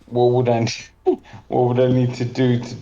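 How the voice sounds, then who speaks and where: A man playing a tabletop game, asking slow, deliberate questions. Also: mid-range voice, completely flat delivery, mellow, roomy sound, highs cut off. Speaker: player.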